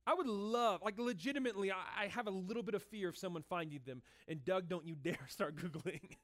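A male pastor preaching a sermon in a lively, conversational, joking manner, in a room with an audience. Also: high voice, fairly quick. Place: room with cameras and a listening crowd.

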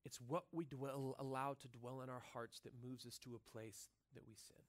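A pastor preaching in a church, talking in a casual, earnest way, full of "like" and "right?". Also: male voice, medium pitch, fairly even intonation, moderate pace. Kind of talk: conversational sermon.

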